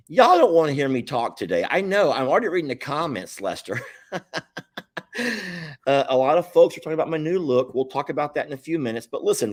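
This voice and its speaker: Folksy man, lively pitch. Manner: rambling and folksy, with stammers. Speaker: livestream host. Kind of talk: casual live chat to viewers.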